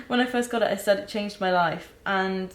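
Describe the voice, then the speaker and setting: A young woman recording a candid personal vlog, talking haltingly with many restarts and close to tears. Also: medium pitch, roomy sound, poor audio. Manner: halting, searching for words, many fillers and restarts. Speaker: vlogger.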